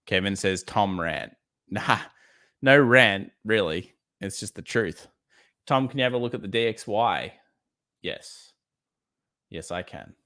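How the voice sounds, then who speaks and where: A man's voice: fairly low pitch, animated, slow pace, long pauses, sharp tone. An Australian man hosting a live trading stream, giving blunt, casual market commentary and answering chat questions. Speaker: trading livestream host.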